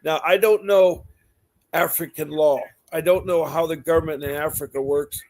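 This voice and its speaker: A man's voice: a little high, fairly even intonation, normal speed, darkish tone. A man hosting a call-in advice show, asking folksy questions and steering the conversation. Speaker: talk show host.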